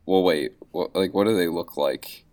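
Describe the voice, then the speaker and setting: A man's voice: low-pitched, moderate pace, a little mellow. A man playing a frog character in a tabletop game, talking in a goofy, rambling way. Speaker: player.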